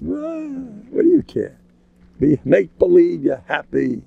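A man giving an informal, joking religious talk, animated and acting out quotes in sudden high voices. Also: a little slow, gravelly, husky, dry recording, narrow, tinny audio. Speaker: religious lecturer. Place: local community gathering.

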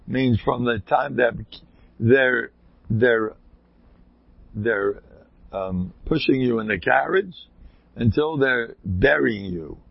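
A man with a rough, gravelly, husky voice tells long rambling anecdotes and breaks into emphatic bursts. The sound is dry and close. It is a dull, lo-fi recording. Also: medium pitch, moderate pace, no echo. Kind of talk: casual spoken anecdotes.

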